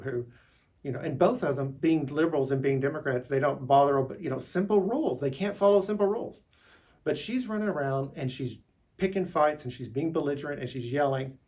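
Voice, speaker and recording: A middle-aged man talking in a rambling, unscripted monologue, restarting words and pushing his voice upward when he gets worked up. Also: on the high side. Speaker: vlogger.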